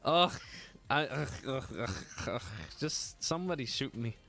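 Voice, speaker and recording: A man's voice: mid-range voice, a little slow, vocal fry, pushed and bright. A man hosting a casual live stream, joking and laughing as he gets flustered over his own slip. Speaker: livestream host building a PC.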